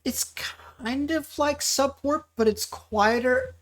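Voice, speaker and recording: A player talking through a game demonstration in a loose, conversational way. They stop and restart often and fill pauses with ums, with an easygoing tone throughout. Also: high-pitched. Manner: relaxed, hesitant, with frequent ums and restarts. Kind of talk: casual live game walkthrough.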